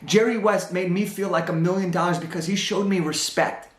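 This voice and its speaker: High-voiced young man telling a story. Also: fairly quick, roomy sound. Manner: animated storyteller, acts out dialogue. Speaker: motivational speaker. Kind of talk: storytelling talk on stage.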